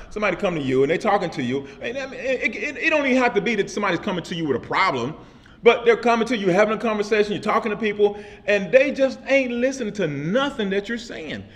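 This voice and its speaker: A man's voice: high voice, expressive, fast talker, fairly bright tone. A man preaching a sermon in casual, everyday speech. He repeats phrases and keeps asking "amen?" of his listeners. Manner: repetitive call-and-response preaching with frequent "amen?". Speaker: pastor.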